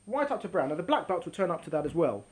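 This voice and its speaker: A woman's voice: fairly low pitch, big pitch swings, quick pace, a little mellow. A woman teaching a class, reading from a text and explaining it, and stretching out words for emphasis.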